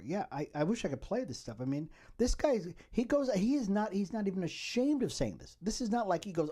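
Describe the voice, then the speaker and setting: Talking fast in a sing-song way, a podcast host rambles through solo political commentary, often tossing "okay?" to his audience. His voice is high, mellow, and slightly rough.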